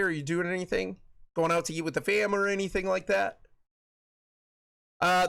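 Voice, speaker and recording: A man's voice: a little high, a bit bright. A man in his thirties hosting a live game stream, chatting casually with his viewers in a rambling way, with plenty of repeats and fillers. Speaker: streamer host.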